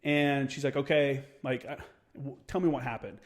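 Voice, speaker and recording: A man's voice: medium pitch, moderate pace. A young man telling a story in casual podcast chat, swearing freely and acting out the quotes of the people in it. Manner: profane, animated storyteller who acts out quotes. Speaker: podcast guest.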